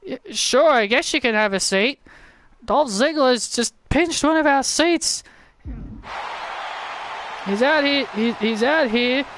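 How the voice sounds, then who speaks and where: A man calling a video game wrestling match as excited play-by-play commentary, often shouting and stumbling over his words. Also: very high-pitched, takes it slowly, pauses often. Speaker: wrestling commentator and channel host.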